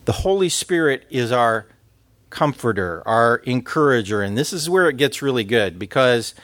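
A man's voice: medium pitch, fairly bright tone, dry recording. Male preacher, conversational sermon delivery, medium voice, dead-dry room. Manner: earnest, conversational preaching with scripture quotes.

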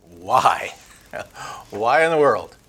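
A man teaching a conversational Bible lesson, emphatic, building up lists and slowing down on key words. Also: mid-range voice, very animated, bright, forceful tone, slightly rough.

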